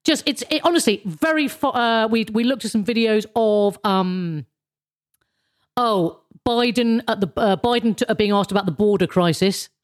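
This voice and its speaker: A woman's voice: medium pitch, moderate pace. A woman hosting a show, casually recapping her episode in a rambling, sardonic way with many fillers and restarts. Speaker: show host.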